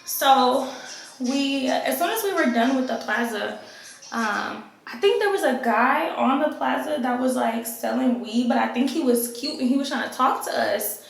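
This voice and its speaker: A young adult woman telling a casual storytime vlog to her viewers in an animated, profane way. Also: high-pitched, normal speed, vocal fry, a little hiss or hum. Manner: animated, profane, keeps addressing viewers as y'all. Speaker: vlogger. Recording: very echoey room.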